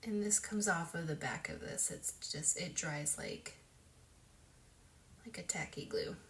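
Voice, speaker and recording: A woman talking through a casual makeup tutorial in a loose, chatty way, full of fillers, sometimes dropping to a soft whisper as she works. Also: lowish voice, a little slow, slight background noise. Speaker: beauty vlogger.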